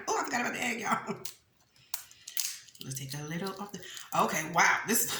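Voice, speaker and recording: A woman's voice: medium pitch, quick pace, pauses often. A young woman hosting a mukbang, chatting casually as she eats and laughing often. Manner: chatty and animated, laughs often, addresses viewers as y'all. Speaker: mukbang host. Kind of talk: casual chat while eating on camera. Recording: echoey room with faint noise.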